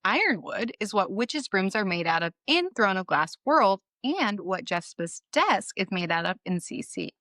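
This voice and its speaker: A woman's voice: mid-range voice, very animated, moderate pace, few pauses, sharp tone, dry recording, clean studio sound. A woman co-hosting a book podcast, chatting casually and curiously, swearing now and then. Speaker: podcast co-host. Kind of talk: casual book discussion chat.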